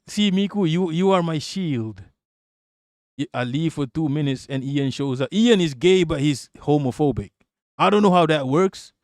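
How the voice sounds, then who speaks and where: A man's voice: on the high side, no room sound, studio quality. A man streaming live, talking straight to his chat in a blunt, rambling, profane manner and laughing often between remarks. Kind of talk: live-stream political commentary.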